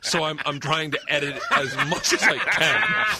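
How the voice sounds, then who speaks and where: A man in his forties hosting a casual comedy podcast, an animated storyteller who shouts and laughs at punchlines. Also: a little high, moderate pace, heavy background noise. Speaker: podcast host.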